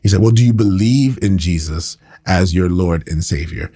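Chatty laughing pastor, low voice. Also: male voice, moderate pace, warm tone, breathy edge. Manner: conversational, self-deprecating, laughs often. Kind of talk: casual Bible teaching podcast.

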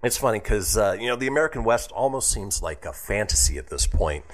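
Guy hosting a radio show, lowish voice that bounces all over, laughs a lot. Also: expressive, brisk. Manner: laughs often, reads history segment with asides. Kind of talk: casual radio banter.

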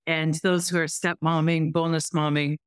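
Animated woman telling a story. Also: deep voice, normal speed, smooth, dry recording, studio quality. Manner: animated storyteller acting out dialogue. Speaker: podcast guest, workplace author and speaker. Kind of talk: storytelling interview chat.

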